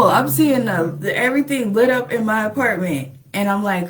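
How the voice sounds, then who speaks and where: A woman's voice: medium pitch, expressive, moderate pace, hardly any pauses, fairly bright tone. A young adult woman casually telling a personal relationship story, full of "like" and "um" and acted-out quotes. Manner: chatty, lots of "like" and "um", acts out quoted lines. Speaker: relationship vlogger.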